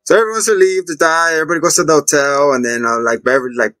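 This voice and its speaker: A man hosting a casual movie review chat, retelling scenes in an animated way and acting out the characters. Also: on the high side, fast, dry recording. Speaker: movie review show host.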